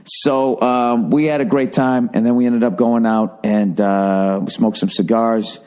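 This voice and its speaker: A man from the Boston area hosting a podcast, telling a rambling, profane story that jumps into high-pitched bursts for emphasis. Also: steady tone, a little slow, darkish tone, clean tone. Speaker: podcast host. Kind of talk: casual storytelling monologue.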